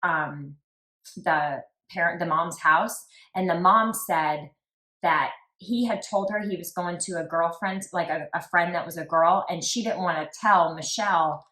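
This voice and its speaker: A woman's voice: fairly low pitch, measured pace, sharp tone. A woman co-hosting a true crime podcast, talking casually and reading out quotes. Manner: reads quoted texts aloud, conversational. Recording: echoey room.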